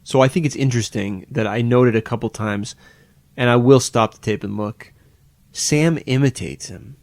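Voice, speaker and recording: A man's voice: medium pitch, moderate pace, vocal fry, a little mellow, dry recording. A man co-hosting a podcast in casual chat, rambling and searching for words with many restarts. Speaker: podcast co-host.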